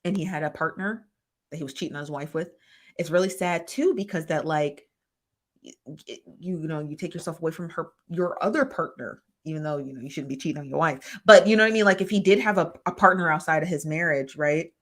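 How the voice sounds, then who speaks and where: A woman's voice: sits low, a little fast. A young woman hosting a casual livestream, chatting in a rambling, self-correcting way. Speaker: livestream host. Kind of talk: casual live-stream gossip chat.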